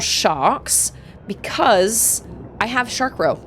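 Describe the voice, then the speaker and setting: Lively chatty woman streamer. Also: mid-range voice, slow pace, creaky, long pauses, soft background music. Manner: chatty, reads chat aloud, excitable yelps during fights. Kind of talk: casual gameplay commentary.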